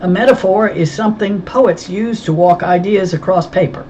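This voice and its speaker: A woman's voice: medium pitch, moderate pace, mellow, dull audio, slight background noise, pitched above the performer's own voice, close to an everyday voice. A woman doing a mild, thoughtful schoolboy.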